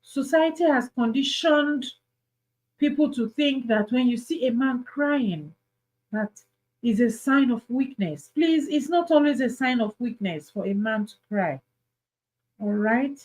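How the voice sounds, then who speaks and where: A woman's voice: on the high side, expressive, unhurried, darkish tone, low-quality recording. A Nigerian woman hosting an advice talk, speaking earnestly and pleading, repeating her points for emphasis. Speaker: host.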